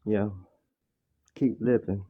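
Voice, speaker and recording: A man's voice: fairly low pitch, steady tone, slow pace, husky. A man in his sixties from Chicago, calling into a livestream and lecturing insistently, over dull lo-fi call audio. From Chicago, Illinois. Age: 60s. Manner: preachy, insistent, repeats "let me tell you". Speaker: caller.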